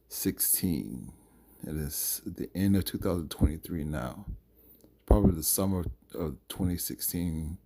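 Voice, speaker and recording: A man's voice: rumbling low, gravelly, dark tone. A man giving his opinion in a solo boxing commentary vlog, emphatic and rambling with fillers.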